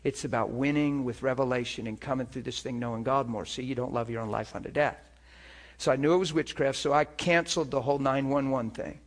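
A man's voice: medium pitch, fairly even intonation, a little fast. A man preaching a sermon, telling an earnest testimony to his church with emphatic rhetorical questions. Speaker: pastor.

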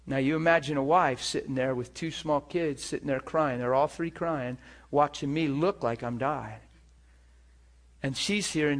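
A man's voice: on the high side, moderate pace. Earnest man preaching a testimony. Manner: earnest, emphatic preaching with rhetorical questions. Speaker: pastor. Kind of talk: sermon testimony.

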